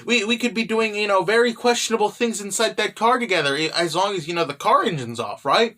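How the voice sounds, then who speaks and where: A young man voicing a teasing, sharp-witted young wife in a comic manga retelling, quick and playful. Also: high-pitched, lively intonation.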